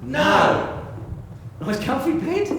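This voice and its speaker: This solo stage performer, playing a boisterous old-time pirate captain, uses a very high, exaggerated, sing-song voice that is a bit bright and extremely slow. He earnestly sings and recites rhyming verse for a live audience in an echoey theatre with music, with a little hiss or hum.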